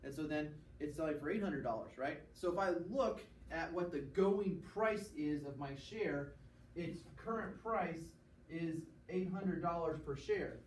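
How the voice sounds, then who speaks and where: A man lecturing a class, his voice sitting a touch higher than most men's. He explains patiently, stops often to check that students follow, and acts out quick examples. He is recorded from across an echoey classroom, with a faint hiss underneath. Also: distant mic. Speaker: teacher.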